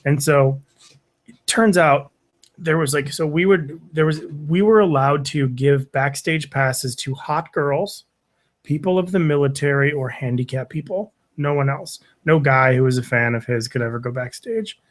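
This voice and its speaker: Speaking at a normal speed with a fairly high pitch, this male podcast guest tells a story during a casual chat. He's animated, swears a lot, and voices the words of others as he quotes them.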